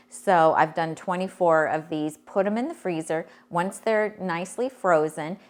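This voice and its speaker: A woman hosting a cooking class webinar, giving relaxed, chatty step-by-step instructions. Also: fairly low pitch.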